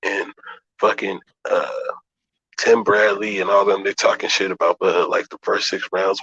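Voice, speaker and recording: A low-voiced man argues boxing in loose, profane, emphatic talk, breaking down how fighters switch stances. The recording sounds dull and lo-fi. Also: level tone, moderate pace, bright, forceful tone. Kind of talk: casual boxing debate.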